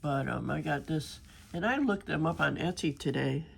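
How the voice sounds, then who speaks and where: An older woman with a gravelly voice and a sore throat from being sick, rambling in a homey, chatty way while she works on a craft. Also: low-pitched, animated, moderate pace. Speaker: crafting vlogger. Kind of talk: casual chat while diamond painting.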